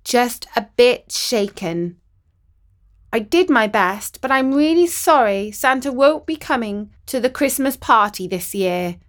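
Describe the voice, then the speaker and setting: A woman's voice: on the high side, expressive, a little slow. A woman voicing a plucky, earnest young girl, speaking with eager earnestness. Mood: apologetic.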